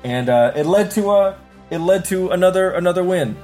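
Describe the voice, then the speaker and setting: A man's voice: sits high, expressive, moderate pace, a little mellow, soft background music. Hyped-up man reading sports picks. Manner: hypes announcements, sings out "ding" on picks. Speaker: podcast co-host. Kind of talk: casual sports podcast chat.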